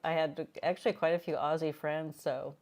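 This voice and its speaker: A woman's voice: sits low, flat delivery, normal speed, a little mellow. An older woman from the United States hosting a casual live-stream chat, talking in a meandering, chatty way with frequent restarts. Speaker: host.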